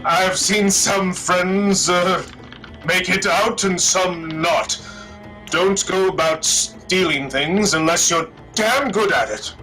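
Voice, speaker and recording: A man voicing an excitable, rambling older male guide who talks fast and fussily, trailing off mid-thought. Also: sits high, over music, rough recording. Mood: warning. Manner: fast-talking, fussy, trails off.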